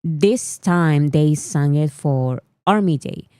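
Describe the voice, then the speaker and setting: A woman's voice: sits low, slow pace, dark tone, no echo, studio quality. A woman from Peru, chatting casually on a livestream and laughing often. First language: Spanish. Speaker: livestream host.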